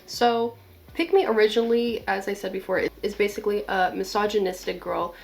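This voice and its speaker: A woman's voice: medium pitch, normal speed, creaky. A young woman making a casual commentary vlog. She talks in a blunt, chatty way, swears now and then and uses a lot of "like". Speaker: video essayist.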